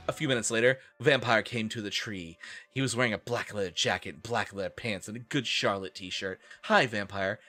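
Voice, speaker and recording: A man's voice: lowish voice, moderate pace, bright, forceful tone. A man streaming a comedic dramatic reading, with sarcastic, swearing, laughing asides. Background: faint rock music.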